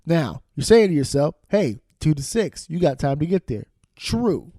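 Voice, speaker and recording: A man hosting a podcast, telling a loud, angry, profane comic rant into a studio microphone. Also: on the high side, big pitch swings, normal speed, dry recording. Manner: loud, angry, swearing storyteller. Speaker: podcast host.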